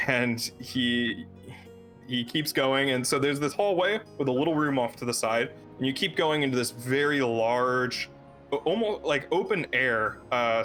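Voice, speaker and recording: A man's voice: mid-range voice, a bit bright. Laid-back male dungeon master narrating. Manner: laughs often, loose narration with many fillers. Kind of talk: casual tabletop game narration.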